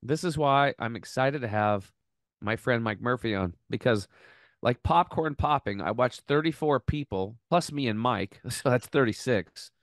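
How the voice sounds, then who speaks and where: Man, podcast host, smooth clear voice, dry close sound, earnest storytelling, frequent restarts. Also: mid-range voice, dry recording. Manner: earnest, animated retelling with many restarts. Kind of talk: emotional storytelling.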